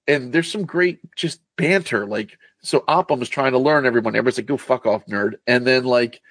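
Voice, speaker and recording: A man's voice: mid-range voice, brisk, fairly bright tone, no echo. A man chatting casually about a film, rambling and swearing as he acts out scenes. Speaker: podcast co-host.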